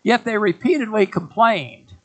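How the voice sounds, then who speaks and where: A man's voice: high-pitched, moderate pace, a bit bright, rough recording. A man preaching a sermon to his congregation, folksy and emphatic. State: out of breath. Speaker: pastor.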